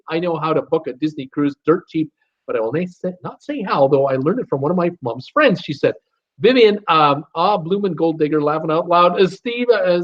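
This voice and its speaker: A high-pitched man from Canada hosts a live cruise show from home, chatting away as he reads viewer comments and names aloud and jokes along with them. The recording is muffled.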